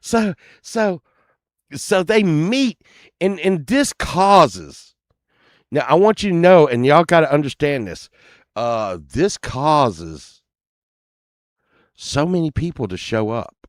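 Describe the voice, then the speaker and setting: Man, rambling storyteller, profane, slow, fairly high voice. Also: big pitch swings, no room sound, studio quality. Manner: rambling, profane, laughs often. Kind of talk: casual storytelling.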